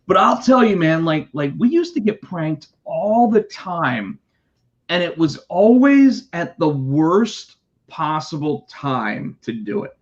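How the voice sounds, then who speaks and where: Lively, foul-mouthed storytelling man. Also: slow. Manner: animated, profane, acts out callers in high voices. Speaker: podcast co-host telling a work story. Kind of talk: casual storytelling chat. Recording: dull lo-fi sound.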